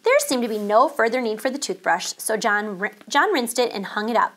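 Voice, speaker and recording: A woman teacher reading a children's chapter book aloud, calm and expressive. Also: on the high side, fairly quick.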